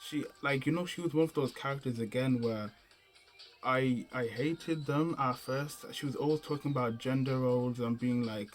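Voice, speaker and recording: A man's voice: medium pitch, moderate pace. Young male reviewer, mid-range voice, loose slangy rambling delivery, faint music underneath. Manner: rambling and slangy, often restarting and searching for words. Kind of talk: casual unscripted game review.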